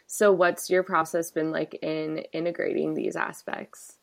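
Podcast host, woman, low and creaky, asks curious follow-ups. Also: flat delivery, unhurried. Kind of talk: conversational podcast interview.

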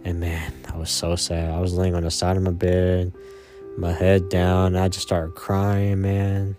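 Deep-voiced young man rambling a story. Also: completely flat delivery, measured pace, music in the background. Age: 20s. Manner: rambling and slangy, full of "man" and "you know". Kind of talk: casual storytime.

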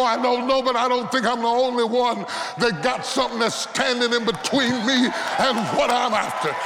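A man preaching a dramatic sermon, building to shouted climaxes and calling out to the congregation. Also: very high voice, gravelly, noisy background. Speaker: pastor. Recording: live church with organ and congregation.

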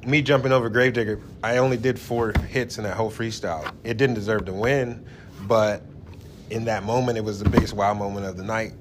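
A man's voice: on the low side, steady tone, fairly quick, background noise. A man on a casual podcast, a monster truck driver, agreeable and chiming in often. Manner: agreeable, lots of yeahs.

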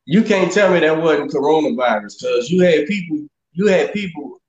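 A man with a fairly high voice chats on a podcast in a profane, laid-back way, calling everyone bro and man. The sound is roomy and echoey. It is also dull and lo-fi. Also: lively intonation, normal speed, darkish tone. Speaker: podcast co-host. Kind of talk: casual chat.

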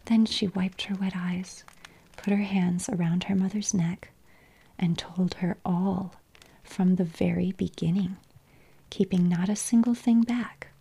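A woman reading a story aloud in a soft, slow whisper. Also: fairly low pitch, fairly even intonation, vocal fry, breathy edge.

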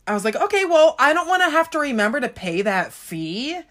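Casual co-host, woman, slightly high voice, lively storyteller who acts out both sides of a call. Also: a little fast. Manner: animated storyteller, acts out phone calls, laughs often. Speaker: podcast co-host.

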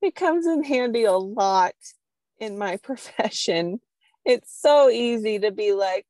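A woman talking as a guest in a relaxed interview, unhurried and drawn out in her delivery. She tells her stories with energy and laughs often. The sound is close and dry, with no room around it. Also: a little high, no echo. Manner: lively storyteller, laughs often. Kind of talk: casual interview conversation.

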